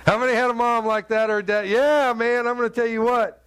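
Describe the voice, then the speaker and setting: A man's voice: extremely high pitch, steady tone, fairly quick, fairly bright tone, a little hiss or hum. A middle-aged man preaching a sermon, telling stories with humor and punchy sound effects. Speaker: pastor.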